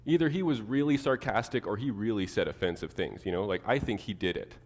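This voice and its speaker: A man preaching a sermon to his church, animated, acting out the people he quotes. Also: lowish voice, fairly quick, in a large hall. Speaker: pastor.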